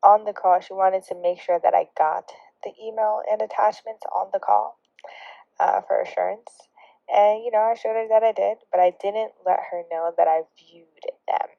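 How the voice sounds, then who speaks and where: A young adult woman vlogger tells a story casually and sarcastically, laughing and dropping into hushed, whispery asides. Her voice is medium-pitched, steady, and gravelly at a normal speed. The recording is dry and dull lo-fi with no echo.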